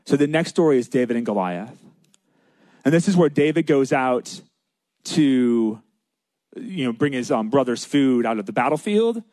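A man's voice: mid-range voice, expressive, normal speed, darkish tone, dry recording. A man preaching a sermon in a casual, conversational way, with asides to his listeners. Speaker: pastor.

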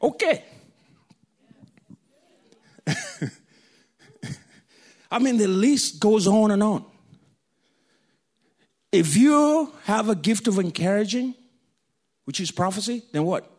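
A man from Kenya, preaching a sermon through animated, jokey personal stories. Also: high-pitched, slow, pauses often. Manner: animated, jokey storytelling, laughs often.

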